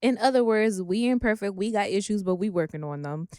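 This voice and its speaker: A woman's voice: medium pitch, fairly quick, darkish tone, dry recording, studio quality. A young woman co-hosting a casual podcast chat, blunt and frank, swearing freely. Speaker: podcast co-host.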